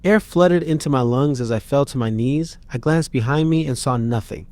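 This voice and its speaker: A man's voice: medium pitch, normal speed, darkish tone, no echo. A man narrating a first-person horror story in a tense, dramatic reading.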